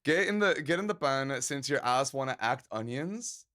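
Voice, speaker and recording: A man's voice: medium pitch, expressive, normal speed, sharp tone. A man live-streaming and chatting casually with his viewers, joking around and laughing often.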